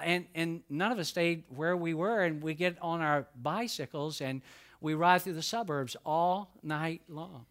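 High-voiced preacher telling stories. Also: male voice, moderate pace. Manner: storytelling, animated. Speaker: pastor. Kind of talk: sermon.

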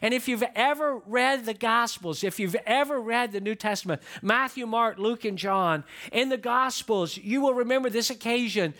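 A man's voice: very high voice, normal speed, hardly any pauses, pushed and bright. A man preaching a sermon, earnest and direct, often repeating his key points for emphasis. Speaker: pastor.

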